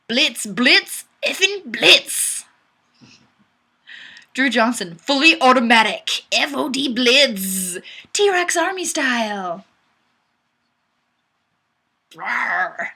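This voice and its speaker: A woman's voice: a little high, big pitch swings, extremely slow, long pauses, sharp tone, husky. A young woman hosting a webcam livestream, giggly and playful as she reads viewer comments aloud in casual chat. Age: young adult. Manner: bubbly, giggly, playfully self-deprecating. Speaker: livestream host. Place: home room on webcam. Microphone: webcam mic.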